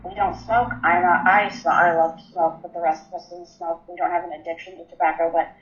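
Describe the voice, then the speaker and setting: A woman's voice: fairly low pitch, fairly even intonation, a little fast. A woman in her twenties telling her personal story in an interview, candid and matter-of-fact, with frequent ums. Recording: roomy, slightly dull recording.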